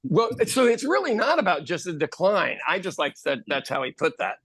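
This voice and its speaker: Man, 50s, podcast co-host; animated storyteller, slightly high voice, dead-dry close mic. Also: a little fast, no echo. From Ireland. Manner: animated, acts out other people's lines, swears freely. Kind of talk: casual storytelling chat.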